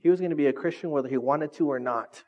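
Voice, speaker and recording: A man's voice: fairly high pitch, fast talker, a little mellow. A middle-aged man preaching a casual sermon as lead pastor of a small church, conversational and self-deprecating, often checking in with the congregation.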